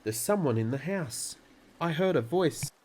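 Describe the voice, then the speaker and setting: A man's voice: lively intonation, normal speed, slightly rough. A man voicing a frightened, bossy mother who hisses urgent orders in a storybook reading. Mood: alarmed. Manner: shrill, hissing urgency.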